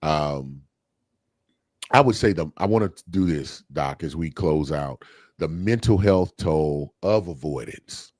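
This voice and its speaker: A man's voice: a bass voice, expressive, takes it slowly, a little mellow, no room sound, clean studio sound. A man co-hosting a podcast, talking things through in a casual, thoughtful way with fillers and restarts. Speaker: podcast co-host. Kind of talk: casual discussion.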